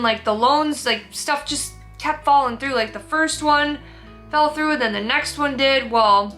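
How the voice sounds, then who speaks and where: A young woman speaks in a high, bright voice, candid and close to tears. She rambles and restarts as she tells a personal story straight to camera in a sit-down vlog. Soft music plays faintly underneath. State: teary, emotional. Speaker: vlogger.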